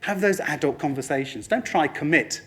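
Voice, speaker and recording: A man giving a lively motivational presentation to a room, addressing the audience and slipping into other people's voices for quoted lines. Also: on the high side, moderate pace, a little hiss or hum. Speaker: speaker at a training talk.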